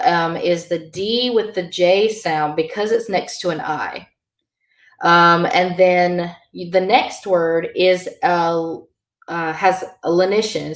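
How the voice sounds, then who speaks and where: Slow, patient woman teaching a language. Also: lowish voice, echoey room. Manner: patient, filler-heavy explaining with many ums. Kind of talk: online language lesson.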